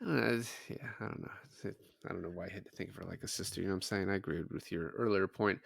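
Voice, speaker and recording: A man's voice: low voice, fast talker, creaky, no echo, clean studio sound. A man co-hosting a casual podcast, animatedly retelling a film's plot and quoting characters in offhand voices. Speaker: podcast co-host. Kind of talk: casual chat.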